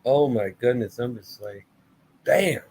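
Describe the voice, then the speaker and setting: A man's voice: medium pitch, measured pace, darkish tone, poor audio. A man giving a casual, blunt and sarcastic review of a wrestling show, full of swearing.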